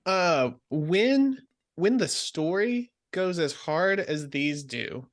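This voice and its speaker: A man in a casual podcast roundtable, earnest and halting, restarting his sentences as he talks. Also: high voice, very animated. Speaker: podcast co-host.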